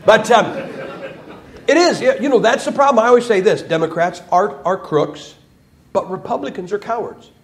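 Male preacher, high-pitched, emphatic folksy sermon delivery with mocking asides. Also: moderate pace. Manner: quotes others in mocking voices. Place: church.

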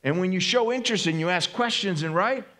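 A man preaching a sermon with a voice that sits a little higher than most men's. He talks to his listeners rather than at them, and he often tags his points with a quick "right?" His delivery stays easygoing and personal. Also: a bit bright. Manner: conversational, often asks "right?" of the congregation. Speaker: pastor.

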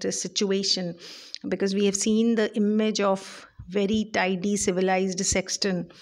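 A woman giving a poetry lecture, talking deliberately with frequent fillers and restarts. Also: mid-range voice. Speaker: English literature lecturer.

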